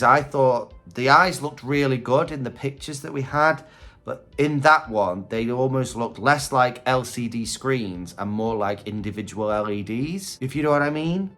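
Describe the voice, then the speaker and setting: A man's voice: medium pitch, a bit bright. A man giving casual reaction commentary on Halloween props, chatty and candid, thinking aloud. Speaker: Halloween prop reviewer.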